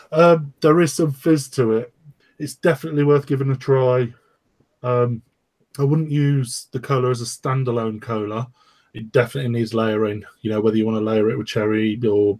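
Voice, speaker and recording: A man's voice: mid-range voice, a little mellow. A man co-hosting a podcast, mixing product opinions with jokes and hesitant ums. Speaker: podcast co-host. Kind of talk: casual chat. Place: at home on an online call.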